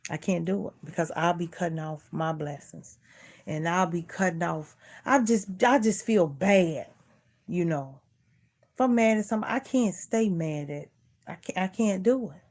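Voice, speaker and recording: A woman's voice: lowish voice, moderate pace, a little mellow. A middle-aged woman vlogger in casual chat, earnestly preaching life advice and repeating herself.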